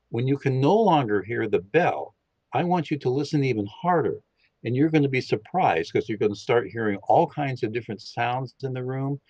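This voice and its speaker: A man on a podcast who guides listeners through a meditation, speaking in a calm, slow and instructive way. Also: mid-range voice, dry recording. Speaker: podcast guest leading a meditation. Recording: dull lo-fi, dry sound.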